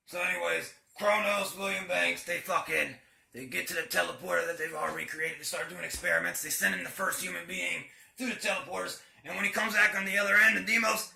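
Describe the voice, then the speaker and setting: Gravelly, profane man retelling a story. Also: high-pitched, fairly even intonation, a little fast, bright, forceful tone, echoey room. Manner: profane, rambling, slangy. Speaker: channel host.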